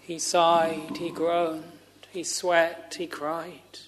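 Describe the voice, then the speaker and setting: A man preaching a sermon in a slow, solemn, measured way with long pauses, sometimes dropping to a hush. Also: on the high side, monotone, a little hiss or hum.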